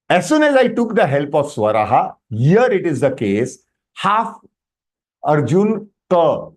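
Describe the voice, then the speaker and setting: A man with an Indian English accent teaching Sanskrit in an online class, explaining patiently and checking with students, slipping into Hindi phrases. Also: sits high. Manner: animated explaining, often checks with "Am I right?".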